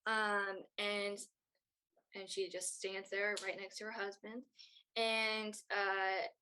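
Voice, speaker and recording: Slow, rambling woman game master. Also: mid-range voice, level tone, pushed and bright, a little hiss or hum, poor audio. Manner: rambling, many fillers. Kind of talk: narrating a tabletop game.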